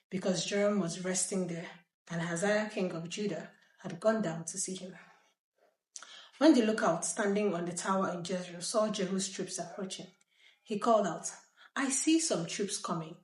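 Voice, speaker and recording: A woman reading scripture aloud in a lively way, breaking off now and then for chatty asides. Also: lowish voice, moderate pace. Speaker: Bible reader. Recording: roomy echo.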